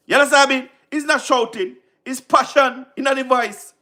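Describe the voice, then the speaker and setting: Jamaican man, very high voice, sharp and forceful, livestream political commentary, emphatic and repetitive. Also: fairly even intonation, normal speed, hardly any pauses. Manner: emphatic and repetitive, frequent rhetorical questions, laughs between points.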